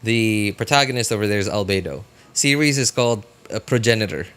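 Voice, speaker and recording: A man's voice: fairly low pitch, fairly quick, a bit bright, clean tone. Chatty streamer man rambling. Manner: rambling, chatty, many fillers and restarts. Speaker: streamer reacting to a livestream. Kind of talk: casual live reaction chat.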